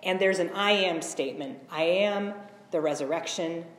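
A woman's voice: lowish voice, moderate pace. A woman reading scripture expressively during a sermon, adding her own asides. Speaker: preacher. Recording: echoey hall.

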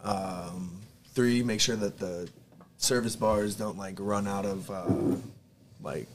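A man's voice: lowish voice, fairly even intonation, slow, background noise. A man, a bartender guest on a casual podcast, explaining his work in a laid-back, plain way.

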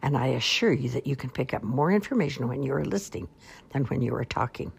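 Woman reading as a pompous swan dad, lecturing, husky, gravelly, lively swings of pitch, storybook. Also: fast, full character voice. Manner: grand, flowery speechifying with loud commands. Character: pompous, long-winded male swan father.

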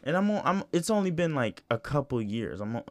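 Hosting a solo podcast, a young man chats casually and profanely, rambling with plenty of "you know" and restarts. His mid-range voice is sing-song and a little fast, with a darkish tone, captured in a dry recording.

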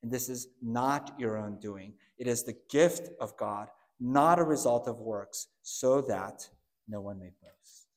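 A man's voice: mid-range voice, takes it slowly. Male pastor preaching in a reverberant hall. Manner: dynamic preaching, swings from hushed to loud emphatic. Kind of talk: sermon.

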